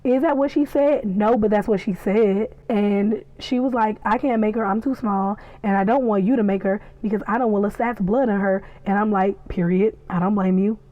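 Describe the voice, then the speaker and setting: A woman giving a casual, excitable recap and reaction, chatty and acting out the scenes as she tells them. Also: medium pitch, normal speed, hardly any pauses, no room sound, phone-quality sound. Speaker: podcast reviewer.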